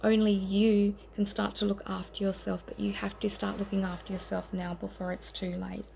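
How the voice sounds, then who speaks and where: A woman's voice: mid-range voice, flat delivery, moderate pace, gravelly, warm tone, a little hiss or hum, rough recording. A woman giving an informal tarot reading to camera, earnest and rambling, with frequent ums and self-corrections. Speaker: tarot reader.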